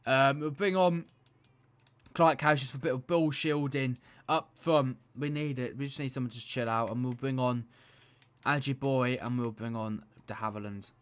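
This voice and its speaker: A young man commentating his own football video game match, excitable and shouting at the referee. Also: mid-range voice, normal speed. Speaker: gaming YouTuber.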